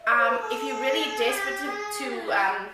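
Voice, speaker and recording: A woman's voice: a little high, normal speed, very noisy. A South African woman vlogging, casual and rambling, laughing at herself as she chats to the camera. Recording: very echoey room, mic far off.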